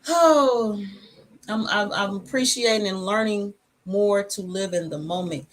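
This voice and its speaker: A woman hosting a casual livestream from her home, talking in a relaxed, rambling, reflective way. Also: mid-range voice, moderate pace. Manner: talks with food in her mouth. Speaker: channel host.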